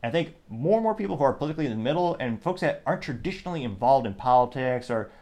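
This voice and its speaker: A man's voice: medium pitch, very animated, rapid-fire, a little mellow. Rambling man hosting a political podcast. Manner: rambling, self-interrupting, reads listener comments aloud. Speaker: podcast host. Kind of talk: solo political commentary podcast.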